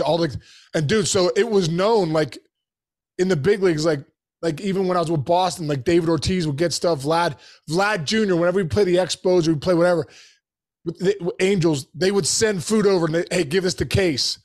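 A man hosting a podcast, telling a story casually in animated bursts, full of restarts and "bro" and "dude". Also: sits high, a little fast.

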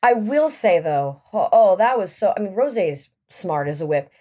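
A woman's voice: medium pitch, very animated, normal speed, warm tone, slightly rough. A woman chatting as a podcast guest, talking in a hedging, rambling way with many fillers. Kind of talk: casual chat.

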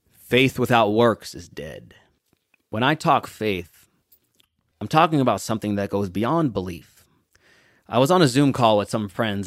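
A man's voice: mid-range voice, dry recording, studio quality. Emphatic male motivational podcast host. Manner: preachy, emphatic, stretching key words slowly. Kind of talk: motivational talk with storytelling.

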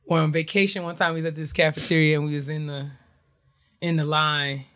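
A woman's voice: sits low, flat delivery, fairly bright tone. Woman co-host, casual podcast chat, laughing storyteller, playful. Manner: laughing, quick family storyteller, playful apologies.

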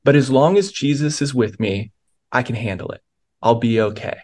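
A man's voice: medium pitch, moderate pace, a little mellow. A man, a pastor and author, earnestly telling a personal story of faith in a podcast interview, with many restarts.

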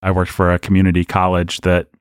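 A man co-hosting a podcast, talking in an animated, rambling and candid way about a book. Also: sits low, fast, clear, resonant tone, no room sound, studio quality. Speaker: podcast co-host. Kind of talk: casual book discussion.

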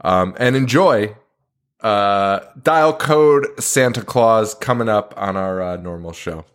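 A man's voice: lowish voice, takes it slowly. A man co-hosting a podcast, chatting casually and laid-back, laughing often and swearing freely. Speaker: podcast co-host. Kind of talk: casual chat.

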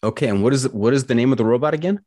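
A man's voice: medium pitch, racing, mellow. A man hosting a casual podcast interview, easygoing and joking dryly with his guest. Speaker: podcast host.

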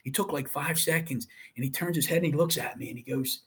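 Middle-aged guy, kinda husky, earnest storytelling on a podcast, quotes people a lot. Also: fairly high pitch, fast talker, a bit bright. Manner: earnest and emotional, retelling with quoted dialogue. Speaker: guest. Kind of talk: casual interview storytelling.

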